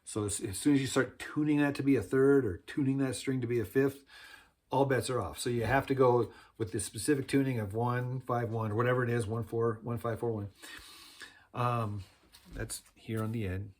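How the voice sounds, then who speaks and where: A man's voice: mid-range voice, steady tone, moderate pace, darkish tone. A man casually explaining how he lays out frets for homemade string instruments, in a laid-back, rambling way with slang like "man" and "dude". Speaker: instrument builder teaching.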